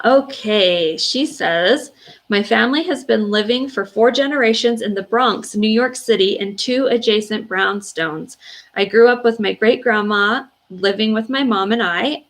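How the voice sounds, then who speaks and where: A woman hosting a casual livestream, reading viewers' stories aloud and reacting in an emotional, gushing way with soft fillers. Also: mid-range voice, vocal fry. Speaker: livestream host.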